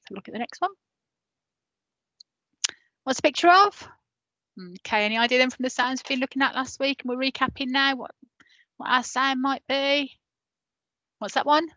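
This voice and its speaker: In a high, bright, forceful voice, a woman teacher runs an online phonics lesson for parents. She patiently sounds out letters slowly and prompts listeners to repeat after her. The audio is dull but has no echo.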